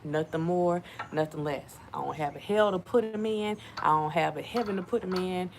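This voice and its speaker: A woman giving casual commentary to her viewers, animated and repetitive, talking to them as y'all. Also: fairly low pitch, normal speed, slight background noise. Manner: animated, repeats herself, addresses viewers as y'all. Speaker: channel host.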